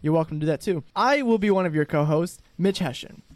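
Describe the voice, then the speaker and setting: High-voiced man hosting a comedy podcast. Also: fast talker, a little mellow, no echo. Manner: playful, rambling, stumbles over his words. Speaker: podcast host. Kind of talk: casual comedy podcast banter.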